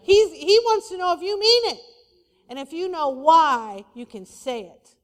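A woman pastor preaching a sermon, lively and conversational, with playful asides to the congregation. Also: very high voice, measured pace. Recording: long hall reverb.

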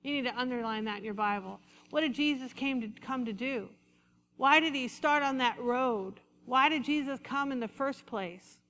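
High bright-voiced woman preaching. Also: a little hiss or hum. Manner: preaching with call-and-response, slowing for emphasis. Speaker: pastor. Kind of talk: sermon. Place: church sanctuary. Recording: reverberant hall.

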